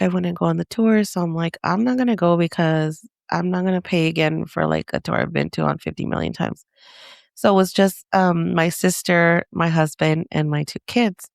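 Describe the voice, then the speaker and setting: A woman co-hosting a podcast tells a rambling story in a fairly low voice with a gravelly edge. She piles on fillers and acts out the quotes along the way. Her close mic gives a dry sound. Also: darkish tone, no echo. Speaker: podcast co-host. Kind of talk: casual storytelling.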